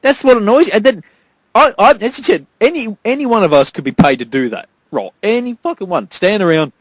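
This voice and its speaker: Podcast host, male: fairly high, lively voice, wry and laughing, dry close sound. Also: a little fast, no echo, poor audio. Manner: chuckling, wry, profane. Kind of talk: casual movie review chat.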